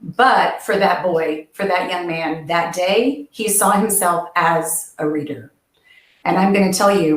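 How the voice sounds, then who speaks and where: A woman's voice: fairly low pitch, normal speed. A woman education researcher giving an earnest, passionate webinar presentation over a video call. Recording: echoey room.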